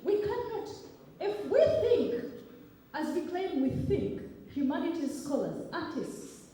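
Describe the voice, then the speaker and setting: A woman's voice: very high voice, big pitch swings, takes it slowly, dark tone. Young woman from Uganda, an academic giving a fiery speech. Recorded from far off in a big echoey hall. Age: young adult. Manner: rhetorical, emphatic, with frequent "okay?" asides. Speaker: academic speaker. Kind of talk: impassioned public speech.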